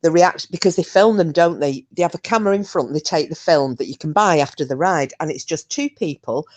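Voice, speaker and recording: A woman's voice: low voice, quick pace, darkish tone. A woman hosting a live stream, telling stories in a chatty, frank way and swearing freely. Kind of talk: casual chat.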